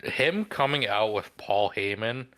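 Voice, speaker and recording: A man co-hosting a podcast who speaks very slowly and thoughtfully. His voice sits fairly low but comes across bright and forceful. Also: animated. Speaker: podcast co-host. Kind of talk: casual chat.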